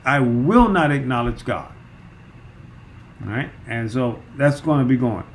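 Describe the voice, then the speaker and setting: A man's voice: mid-range voice, animated, unhurried. A man teaching through a Bible chapter verse by verse, emphatic, with frequent repeats and fillers.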